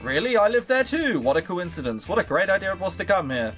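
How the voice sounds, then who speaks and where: Brief: a chatty young barman, read by a man, easygoing, with lively pitch and faint music behind. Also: fast talker. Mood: friendly.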